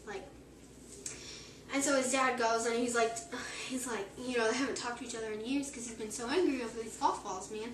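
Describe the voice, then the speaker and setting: A woman's voice: fairly high pitch, steady tone, a little fast. A teenage girl telling a long joke to friends in a rambling, casual way, full of "like". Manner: rambling, heavy use of "like", acts out quoted voices. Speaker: joke teller. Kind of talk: casual storytelling among friends. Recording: echoey room, far from mic, noisy.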